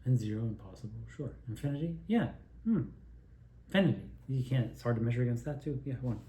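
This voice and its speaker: A man's voice: mid-range voice, fast talker. A man spins loose, profane stories with lots of rise and fall in his voice, drifting off topic as he sips a beer. His voice bounces around a roomy, echoing space. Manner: profane, digressive, animated; drinking beer while talking. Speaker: video maker telling childhood stories. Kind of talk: rambling personal storytelling monologue.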